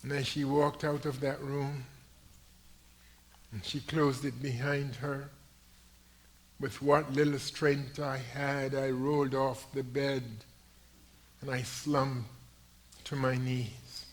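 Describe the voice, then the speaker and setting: Slow, dramatic older preacher. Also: male voice, mid-range voice, flat delivery. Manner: slow, dramatic delivery swinging from hushed to loud. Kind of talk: sermon testimony. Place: church sanctuary.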